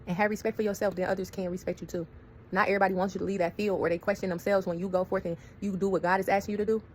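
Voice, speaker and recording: A woman telling a story to her viewers in a casual, animated way, acting out quoted voices. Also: mid-range voice, very fast, slight background noise. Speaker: storyteller vlogger.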